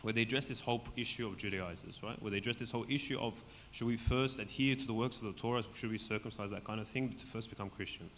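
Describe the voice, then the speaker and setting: A man leading a Bible study for a group in a church hall, talking conversationally and often checking in with "right?", his voice going hoarse. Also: on the low side, fast talker, hardly any pauses, fairly bright tone. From Australia. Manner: conversational, keeps asking "right?". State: voice going hoarse, clearing throat. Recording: long hall reverb, faint background noise.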